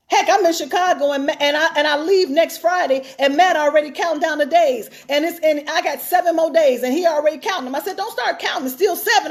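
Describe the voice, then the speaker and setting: High-voiced woman preaching with emphasis. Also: a little mellow. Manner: emphatic, repeats phrases for stress. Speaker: pastor. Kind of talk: sermon-style teaching talk.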